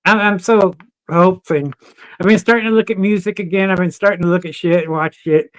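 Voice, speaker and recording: A high-pitched male voice, a little fast, comes through in a dry recording. He appears as a podcast guest, sharing lively, curse-filled stories with plenty of laughter in a casual chat.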